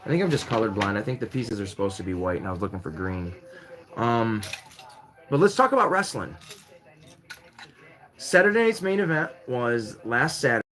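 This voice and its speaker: A man hosting a live-stream variety show, chatting casually and rambling with jokes while he fiddles with a Lego set. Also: fairly quick. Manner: rambling, jokey, lively swings in pitch while building Lego.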